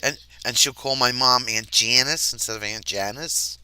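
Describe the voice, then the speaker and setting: A man's voice: medium pitch, normal speed, sharp tone, clean tone. A man from near New York, hosting a casual livestream chat, laughing often and trailing off mid-sentence. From New Jersey, near New York. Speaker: livestream host. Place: RV campground, livestream.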